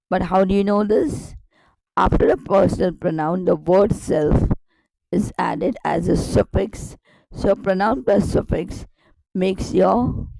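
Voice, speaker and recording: A woman's voice: fairly low pitch, gravelly, mellow, dry recording, low-quality recording. A woman teaching a grammar lesson online, explaining step by step with repetition and rhetorical questions.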